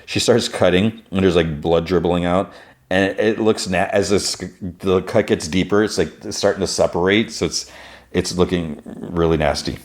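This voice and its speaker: A man's voice: low voice, fairly even intonation, normal speed. A man hosting a podcast, casually retelling a show's episode scene by scene in a rambling way. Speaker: podcast host.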